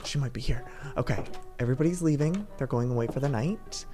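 A man's voice: medium pitch, fast, faint music behind. A man hosting a playful let's-play video, talking theatrically with frequent gasps and sneaky stage whispers. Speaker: gaming video host.

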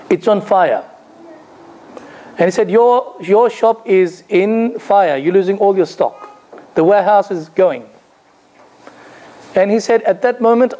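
Imam giving a storytelling religious lecture. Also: male voice, high-pitched, warm tone, rough recording. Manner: storytelling, rhetorical questions, light humor.

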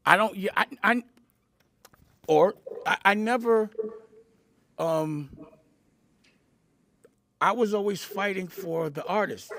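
A man with a high, gravelly voice talks bluntly and insistently, hammering his points home with repetition and profanity. The sound is close and dry. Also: fairly bright tone, no room sound. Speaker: interview guest. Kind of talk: candid interview storytelling.

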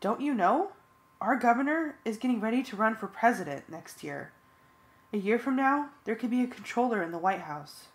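A woman doing a sharp, impatient teen girl. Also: on the high side, expressive, normal speed. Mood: exasperated. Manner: urgent, exasperated.

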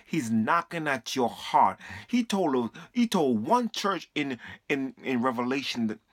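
A man's voice: medium pitch, sing-song, measured pace, no echo, clean studio sound. A man preaching fervently to a camera, repeating himself and quoting scripture. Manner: fervent, repetitive, quotes scripture. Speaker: street preacher.

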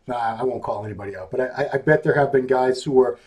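A man's voice: mid-range voice, fast, darkish tone, slightly rough. A man hosting a casual chat show, joking and laid-back, trading banter with his guest. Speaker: host, magazine editor.

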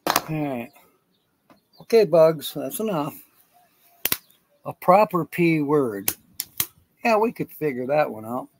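A man's voice: on the high side, expressive, slow, long pauses, background noise. A man hosting a casual live stream outdoors, rambling and chuckling as he answers viewers by name. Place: outdoors in sunshine.

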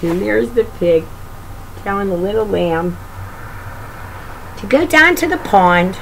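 A woman reads a picture book aloud to young children, slowly and gently. Her voice is lively and sing-song, with a gravelly edge, and she stops for doting asides to the child. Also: mid-range voice, a little hiss or hum, rough recording. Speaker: reader of children's books.

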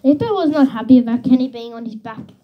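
A woman reading a children's book aloud in an expressive storytelling manner, on a slightly dull recording with faint hiss. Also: on the high side, quick pace. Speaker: reader.

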